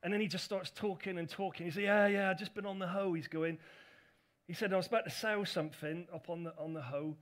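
A man's voice: sits high, fairly even intonation, quick pace, fairly bright tone. A middle-aged man, a pastor, telling a personal story in a chatty, self-deprecating sermon with asides to his congregation.

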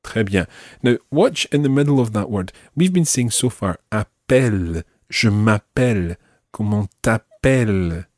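Low-voiced man teaching French. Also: lively intonation, no room sound, studio quality. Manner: slow, carefully enunciated model phrases. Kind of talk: language lesson.

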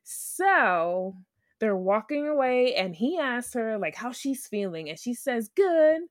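Woman, podcast co-host, casual recap chat, lively swooping pitch, slightly high voice, dry close sound. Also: slow pace, dry recording. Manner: animated, mimics people in exaggerated voices.

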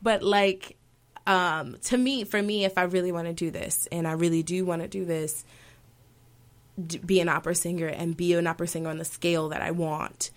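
A woman's voice: on the low side, steady tone, moderate pace. A woman in her twenties, an aspiring opera singer, answering interview questions thoughtfully, with many fillers and self-corrections. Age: 20s.

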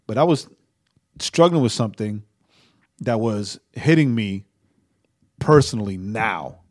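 A man's voice: on the low side, lively intonation, a little slow, a little mellow. Rambling man on a faith podcast. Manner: rambling, tags sentences with "right?"; stammering restarts. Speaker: podcast co-host. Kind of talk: casual faith podcast chat.

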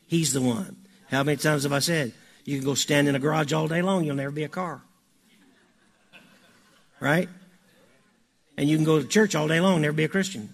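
A male pastor delivering a sermon with a gravelly, husky voice set somewhat high. He speaks in a relaxed, folksy manner, then drives his points home with short repeated commands. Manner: folksy and conversational, building to emphatic repeated commands.

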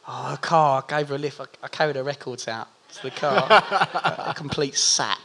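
A man's voice: mid-range voice, moderate pace, pushed and bright. A man co-hosting a live show, chatting in a sheepish, giggly way. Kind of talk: casual live banter.

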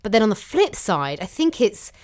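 A woman's voice: mid-range voice, very animated, moderate pace, darkish tone. A woman co-hosting a podcast in casual, playful chat, swearing now and then. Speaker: podcast co-host.

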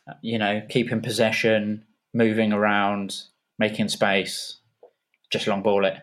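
A man's voice: fairly low pitch, completely flat delivery, a little slow, fairly bright tone. A man chatting on a football podcast, wry and teasing. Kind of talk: casual football podcast chat.

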